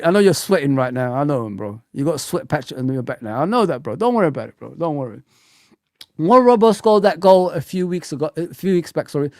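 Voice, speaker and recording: High-voiced bantering football streamer. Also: male voice, darkish tone, no echo, clean studio sound. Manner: banter-heavy, teasing viewers, swears often. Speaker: football fan channel host. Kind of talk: live-stream football chat.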